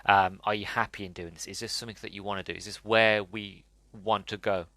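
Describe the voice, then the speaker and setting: Guy doing a whiny worried cartoon cat, lowish voice, dry sound. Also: fairly even intonation, a little fast, pushed and bright, no echo. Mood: fretful moaning. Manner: fretful, whiny questioning. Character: moaning worried talking black cat, male.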